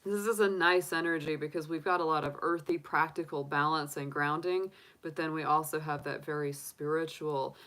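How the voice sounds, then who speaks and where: Low-pitched woman, upbeat chatty tarot reader on a casual stream. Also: steady tone, normal speed, few pauses, fairly bright tone, rough recording. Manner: chatty, upbeat, filler-heavy. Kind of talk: casual livestream reading.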